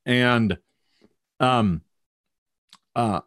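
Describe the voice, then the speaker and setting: A man's voice: mid-range voice, extremely slow, fairly bright tone. A man narrating as game master of a tabletop game, hesitant and full of ums and restarts.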